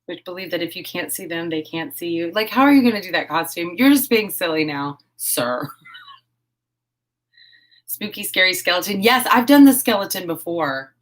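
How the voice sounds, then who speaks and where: A woman hosting a casual live stream while crafting. She chats, giggles and thinks out loud. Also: fairly low pitch, lively intonation, brisk. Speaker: host of a horse-themed channel.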